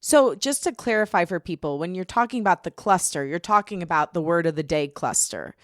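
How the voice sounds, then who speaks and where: A woman's voice: lowish voice, lively intonation, a little fast, no echo, clean studio sound. A woman podcast host chatting with her guest in an enthusiastic, upbeat way. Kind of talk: casual interview chat.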